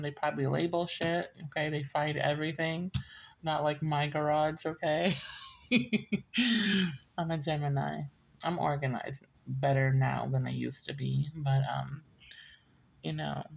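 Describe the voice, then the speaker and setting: Low gravelly chatty woman reader. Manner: rambling, laughs often, drifts into stories. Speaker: tarot reader. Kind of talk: casual chatty reading monologue.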